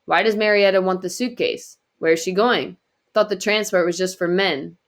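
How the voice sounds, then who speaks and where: A woman's voice: medium pitch, normal speed, lightly acted. A woman reading aloud and voicing a worried young boy who keeps asking questions. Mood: anxious. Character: anxious young boy, earnest and confused.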